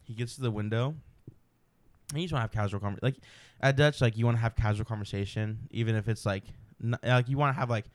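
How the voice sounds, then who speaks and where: A man's voice: mid-range voice, quick pace, dry recording. A young man hosting a podcast, telling rambling stories in a casual chat with lots of fillers. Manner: rambling anecdotal storytelling with frequent fillers. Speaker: podcast host.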